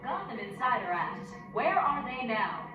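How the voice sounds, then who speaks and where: A brisk cartoon TV presenter who announces a report at speed. Her voice sits fairly high. The clip sounds muffled, distant and roomy, with music underneath. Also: very animated. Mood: announcing. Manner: quick, announcing delivery. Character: brisk female TV news presenter. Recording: dull, echoey TV clip from far off, music.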